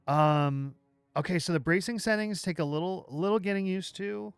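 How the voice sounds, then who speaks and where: Man, livestream host, smooth clear voice, dry sound, faint music behind, thinking aloud with restarts. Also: high-pitched, normal speed, dry recording. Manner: chats with viewers while working. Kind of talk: live software walkthrough.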